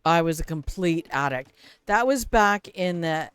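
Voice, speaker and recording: A woman's voice: on the low side, expressive, unhurried, smooth, no echo. An older woman streaming a game, chatting casually in a sarcastic, self-mocking way into a desk mic. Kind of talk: casual live-stream chat while gaming.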